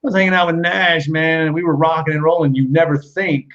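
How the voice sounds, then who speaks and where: A man's voice: a little high, steady tone, a little fast, a bit bright, lo-fi sound. A man in his forties, a former wrestler and guest, telling rambling, profane backstage stories in a casual chat and laughing along the way.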